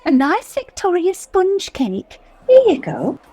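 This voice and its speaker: A woman playing a fretful, scheming middle-aged wife in a radio sitcom, excitable and fussy. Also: very high voice, slow pace, heavily acted. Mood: fussing.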